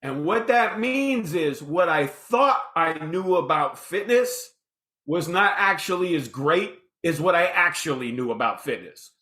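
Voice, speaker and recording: A man in his fifties, a podcast guest telling his story in a casual, animated way and acting out the dialogue. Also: fairly high pitch, a little slow, few pauses. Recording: roomy echoey room.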